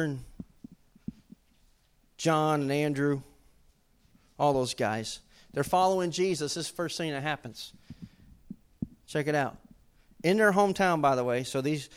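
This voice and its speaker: A male pastor, preaching a sermon in a conversational way that rises to loud, emphatic bursts. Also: sits high.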